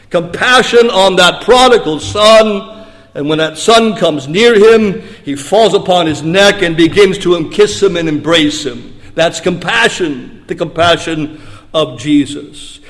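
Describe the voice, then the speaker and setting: A fairly high-voiced man preaching a sermon, his words trailing into a long, echoing reverb. He drops to hushed, low passages and then lifts into emphatic, raised lines. It sounds like a pastor in a church hall.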